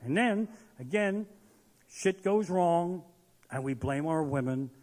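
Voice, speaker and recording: A man doing a profane stand-up comedy set on stage, ranting and shouting his punchlines. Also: a little high, lively intonation, takes it slowly. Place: live comedy stage in a large hall. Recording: live venue with long hall reverb.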